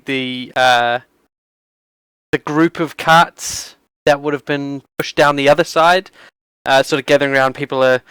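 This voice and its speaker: A man's voice: a little high, fairly bright tone, smooth, no echo. A man running a tabletop game as game master, narrating with frequent fillers and restarts.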